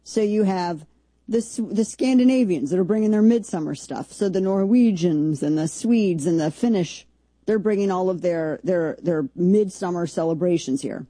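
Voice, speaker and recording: A woman's voice: on the low side, normal speed, dark tone, no room sound. A woman hosting a show, giving casual commentary full of rambling, sarcastic asides. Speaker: show host.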